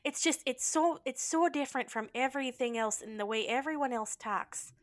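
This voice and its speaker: A woman's voice: high-pitched, normal speed. A woman co-hosting a casual movie chat, talking freely and laughing often at herself. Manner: chatty, laughs often, self-deprecating. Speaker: podcast co-host.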